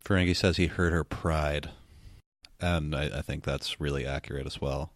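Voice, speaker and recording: Very deep-voiced wry man. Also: fairly even intonation, normal speed, dry recording, studio quality. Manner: wry, laughs often. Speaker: podcast co-host. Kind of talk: casual book discussion.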